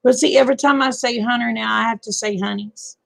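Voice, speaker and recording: A woman's voice: fairly high pitch, steady tone, quick pace, creaky, no room sound. An older woman, hosting a casual late-night chat and calling viewers honey and babe. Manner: folksy, calls people honey and babe. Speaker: live stream host.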